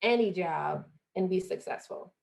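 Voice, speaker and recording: Her voice sits fairly low, creaky and somewhat dark, and she takes her time. She's a young woman from Jamaica, once a college athlete, guesting on a podcast with earnest motivational talk and acting out the voices of those she quotes.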